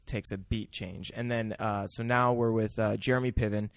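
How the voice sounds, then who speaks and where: A man's voice: on the low side, fairly even intonation, normal speed, smooth, no room sound, clean studio sound. A man co-hosting a podcast, chatting casually about a film in a laid-back, rambling way. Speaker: podcast co-host. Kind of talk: casual chat.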